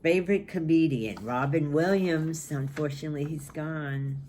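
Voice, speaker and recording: A woman's voice: sits low, moderate pace, dark tone, a little hiss or hum. A woman in her sixties, a knitting vlogger, chatting casually and musing aloud as she goes. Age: 60s. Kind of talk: casual chat.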